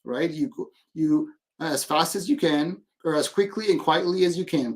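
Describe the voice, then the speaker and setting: Animated man tagging talk with "right?". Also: fairly high pitch, moderate pace, hardly any pauses. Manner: animated, peppers sentences with "right?". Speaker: educator guest. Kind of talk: casual interview talk. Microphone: video call.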